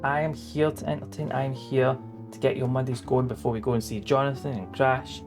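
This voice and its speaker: A man's voice: mid-range voice, fairly even intonation, a little fast. A man streaming a game, chatting in an upbeat, casual way and reading text aloud. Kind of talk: casual gaming commentary. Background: game music.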